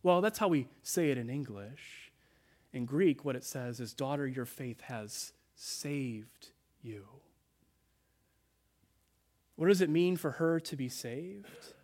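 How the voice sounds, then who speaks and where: In a church sanctuary, a pastor delivers a sermon with earnest conviction. His voice sits slightly above the typical male range, and quoted words come out in a soft, slow hush.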